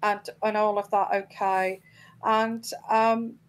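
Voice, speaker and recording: A woman's voice: medium pitch, flat delivery, slow pace, low-quality recording. A woman hosting her own live tarot show, talking to viewers with many ums and restarts. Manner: hesitant, full of ums and restarts, indignant at trolls. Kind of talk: live-stream chat to viewers.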